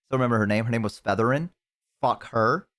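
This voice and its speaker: A young man streaming, casually telling a profane, animated story to a co-host. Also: medium pitch, fast.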